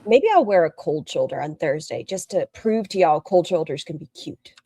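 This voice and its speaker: A woman's voice: low voice, animated, moderate pace, mellow, husky, no echo. A woman streamer giving casual, rambling reaction commentary and talking straight to her chat. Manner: chatty, rambling, talks to chat directly.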